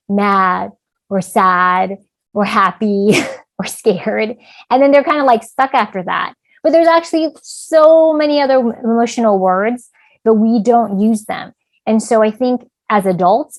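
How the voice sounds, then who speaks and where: A woman leads an online parenting talk in an easy, conversational way, sprinkling her points with "like" and "um." Her voice carries a gravelly edge of fry, and the call audio is dry and close with no room sound. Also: medium pitch, no echo, low-quality recording. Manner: conversational, many fillers like "like" and "um". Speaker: parent education speaker, clinical supervisor. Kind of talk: casual online presentation. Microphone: video call.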